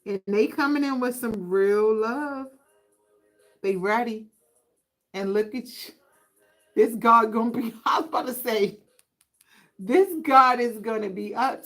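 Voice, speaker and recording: This tarot reader's voice is a little high and a bit bright, and she speaks unhurriedly with long pauses over poor audio. Sassy and chatty, she does a reading on a casual livestream, talking to viewers directly in an easygoing, conversational way.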